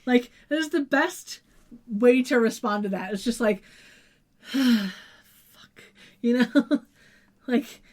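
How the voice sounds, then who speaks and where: A woman co-hosting a podcast, with a voice pitched a little high. She walks through the plot in a casual recap style, adding wry asides, laughs and the odd curse. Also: slow, long pauses, darkish tone. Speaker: podcast co-host.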